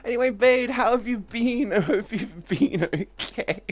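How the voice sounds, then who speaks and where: A woman's voice: a little high, measured pace, soft background music. A woman streamer in casual livestream chat who laughs often and swears freely as she teases her friends.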